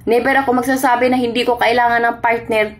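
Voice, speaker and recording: A woman's voice: a little high, level tone, fast talker. A Filipina woman with a Filipino accent, vlogging an emotional monologue in broken English mixed with Tagalog and pleading with an absent man. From Philippines. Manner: pleading, heartbroken, addresses an absent man directly. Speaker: overseas worker vlogger. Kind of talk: emotional direct-to-camera monologue.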